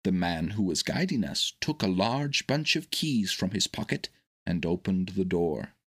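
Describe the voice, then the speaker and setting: A man narrating a children's storybook in a steady, expressive reading. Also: low voice, unhurried, husky.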